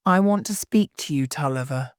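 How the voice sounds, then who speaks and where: A woman's voice: low voice, lively intonation, moderate pace, dry recording, clean studio sound. A woman reading the lines of a cold, scornful lawyer in a story, curt and contemptuous.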